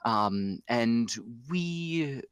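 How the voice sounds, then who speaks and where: A man's voice: medium pitch, expressive, extremely slow, a bit bright, clean tone, no echo. A man voicing a polite young noblewoman in a tabletop game, speaking formally and hesitantly.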